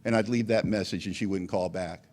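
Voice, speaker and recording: A man's voice: deep voice, fairly even intonation, a little fast, darkish tone. Man telling his recovery story. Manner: conversational storytelling that acts out quoted dialogue. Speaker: recovery meeting speaker.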